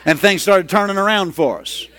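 A middle-aged man preaching a sermon, telling a story and rising into loud, excited hollering. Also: sits high, moderate pace, a faint crowd, a little hiss or hum. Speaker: pastor.

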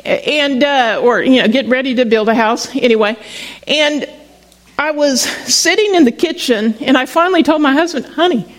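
Middle-aged woman preacher, higher pitched, talking through a personal story in a loose, stop-start sermon style. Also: moderate pace, low-quality recording. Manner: conversational storytelling with frequent restarts. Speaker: pastor.

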